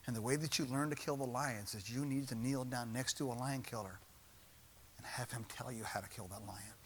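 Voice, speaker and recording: A man's voice: medium pitch, a little fast, slight background noise. A man preaching a sermon as pastor in a church, building his points with repeated refrains and rising intensity.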